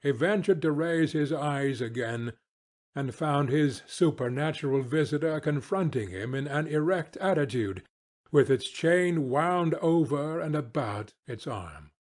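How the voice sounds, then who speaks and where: A man reading a classic ghost story aloud as scripted narration for English learners, in a slow, measured way. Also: fairly high pitch, animated, a little mellow.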